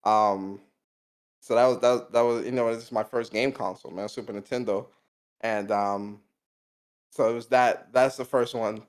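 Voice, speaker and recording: A man's voice: mid-range voice, fairly even intonation, normal speed, clear, resonant tone. A young man co-hosting a podcast, telling a personal story in casual slangy chat, laughing often. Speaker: podcast co-host.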